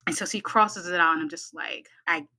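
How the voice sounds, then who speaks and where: An American woman studying midwifery tells a personal story on a podcast, animated and acting out the voices of the people involved. Her voice is fairly low in pitch and brisk. The recording is rough.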